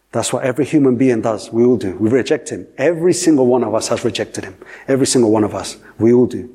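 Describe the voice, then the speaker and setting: A man's voice: medium pitch, fast, hardly any pauses, dark tone, husky. A man preaching a sermon, repeating phrases for emphasis and asking the listeners questions. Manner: repetitive, emphatic, asks the audience questions.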